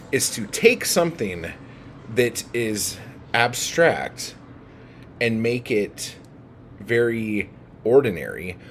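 A man's voice: mid-range voice, a little hiss or hum. Agitated swearing man ranting about writing. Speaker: book vlogger. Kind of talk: profane rant to camera.

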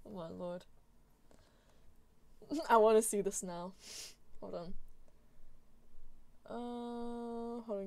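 A woman's voice: mid-range voice, dark tone, dry recording. A young woman streaming from home, chatting casually with her viewers while gaming, giggling often and answering chat.

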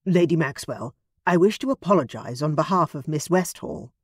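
A woman's voice: low-pitched, expressive, normal speed, husky, dry recording, studio quality, heavily acted. A woman voicing a timid, chinless young male aristocrat who speaks politely and apologetically. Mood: apologetic.

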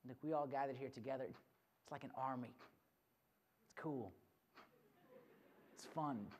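A retreat speaker preaches through a story, lively and animated, acting out each character. The talk stays energetic and direct with the gathered crowd. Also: medium pitch, unhurried. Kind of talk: storytelling sermon.

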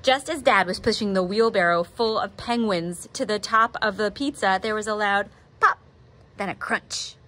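A woman art teacher who reads a picture book aloud with expressive, animated storytelling, then gives drawing steps. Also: medium pitch, moderate pace.

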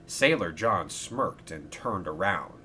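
A man narrating a toy-train storybook with slow, expressive storytelling. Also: low-pitched, a little hiss or hum.

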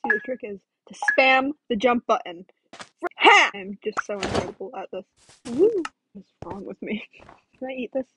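A young woman giving chaotic, erratic gameplay commentary, jumping from mutters to sudden yells. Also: medium pitch, fairly quick, background noise. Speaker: gaming YouTuber.

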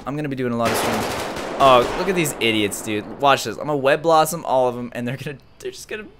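A young man giving excited live commentary as he streams a game, jumping from mumbling to shouts and laughter. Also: medium pitch, quick pace, background noise.

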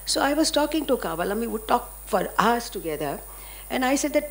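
Older Indian woman telling animated stories. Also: fairly high pitch, a little fast, a little hiss or hum. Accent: Indian English. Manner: animated, anecdotal, emphatic. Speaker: panelist, dance guru. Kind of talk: panel discussion storytelling.

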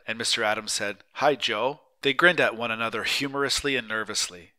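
A man narrating a short story as an audiobook reader, measured and expressive. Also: lowish voice. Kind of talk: scripted narration.

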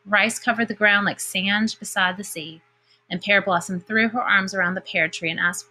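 A woman teacher reading a picture book aloud to her class, with expressive delivery and comments of her own in between. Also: medium pitch, normal speed. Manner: expressive storybook reading with lively character voices.

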